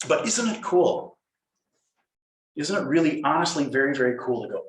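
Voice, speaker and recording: A man giving a dharma talk as a Zen teacher, playful and animated, acting out inner voices. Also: fairly high pitch, normal speed, pauses often. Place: meditation hall. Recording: roomy hall echo.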